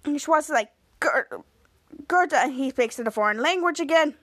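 A woman's voice: sits high, lively intonation, normal speed, a bit bright, dry recording. A woman podcast host casually recapping a TV episode, retelling scenes with lots of quoted lines.

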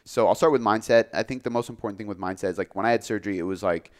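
A man who works as a fitness coach, talking casually on a podcast, relaxed and full of filler words. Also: lowish voice, rapid-fire. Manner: relaxed, filler-heavy, says "like" often.

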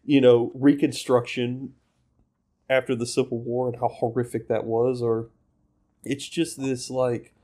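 A man's voice: medium pitch, little pitch movement, a little slow, dark tone. A man from the South, an opinionated, blunt co-host in casual chat. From American South. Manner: opinionated, blunt, puts on mocking voices.

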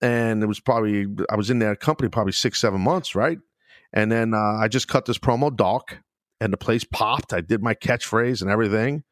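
Low-voiced, profane male storyteller. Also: a little fast, no echo, studio quality. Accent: New York. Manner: profane, animated storytelling with laughs. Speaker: podcast host, former wrestler. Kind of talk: casual storytelling chat.

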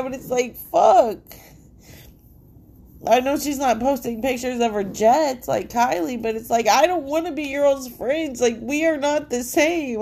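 Hosting her own podcast from home, a woman rambles through a casual, profanity-laced monologue full of filler "like," her nose congested. Her voice sits high and a little mellow.

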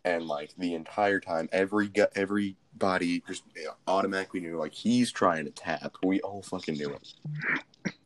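A man's voice: sits low, moderate pace. A young man co-hosting a podcast, telling a rambling, profane story in casual chat. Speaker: podcast co-host.

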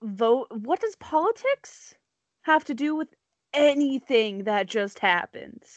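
A woman's voice: sits high, very animated, slow pace, dry recording. A woman telling a story in casual chat, rambling with many likes and ums, laughing often.

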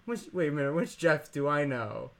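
A man's voice: fairly high pitch, normal speed, a crowd in the background. A man in casual comedic chat with a friend, laughing often and acting out imagined conversations.

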